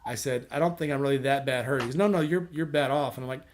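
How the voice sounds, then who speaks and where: A man's voice: mid-range voice, fast, slight background noise. Rambling man telling a story. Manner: rambling anecdote with quoted dialogue, many restarts. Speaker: host. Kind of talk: casual storytelling with friends.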